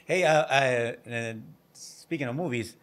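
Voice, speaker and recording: A man hosting a casual interview, reacting eagerly and asking questions with halting fillers. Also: mid-range voice, a bit bright. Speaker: interviewer, host.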